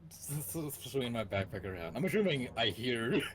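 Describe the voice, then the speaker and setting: A man's voice: mid-range voice, very animated, normal speed. A man playing a tabletop game, casual and stammering, often laughing at his own moves. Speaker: player.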